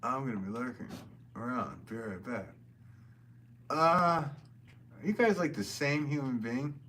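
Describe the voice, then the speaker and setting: A man's voice: mid-range voice, lively intonation, measured pace, pushed and bright. A man, a potter hosting a livestream, talking loosely in a casual, rambling way and reading viewer comments aloud. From American Northeast.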